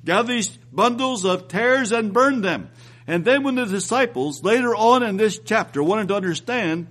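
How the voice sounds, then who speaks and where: A man preaching a sermon, reading scripture aloud and repeating phrases, rising and slowing down to drive points home. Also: high-pitched, expressive, a bit bright. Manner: reads scripture aloud, rises and slows for emphasis.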